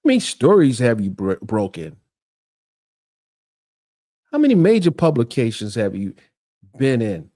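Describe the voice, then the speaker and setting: Middle-aged male livestream host; animated, taunting delivery, lively pitch. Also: measured pace, long pauses. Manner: animated, mocking, laughs often, repeats himself. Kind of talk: casual livestream rant.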